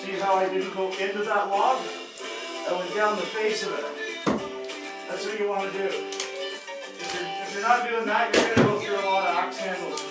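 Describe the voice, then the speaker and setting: Chatty ontario guy vlogging from his garage, calls everyone folks, slightly high voice, music in the background. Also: steady tone, moderate pace, poor audio. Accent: Canadian, Ontario. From Northern Ontario, Canada. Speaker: homesteading vlogger. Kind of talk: casual narration while working. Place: garage and yard on a frosty rural farm.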